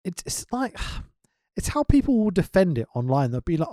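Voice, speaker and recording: A man's voice: sits high, normal speed, no echo, studio quality. A man co-hosting a casual wrestling podcast, ranting with lots of swearing and indignation. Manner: animated, profane, indignant ranting.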